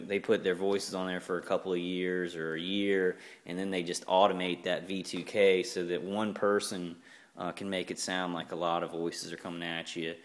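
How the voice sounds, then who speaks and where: Brief: a low-voiced man vlogging in a rambling, repetitive way, full of restarts. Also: a bit bright. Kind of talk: rambling casual monologue.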